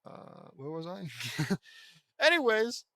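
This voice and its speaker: A man's voice: mid-range voice, normal speed, no echo. A man reading a fan fiction story aloud, breaking off into sarcastic, swearing asides. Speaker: audiobook reader.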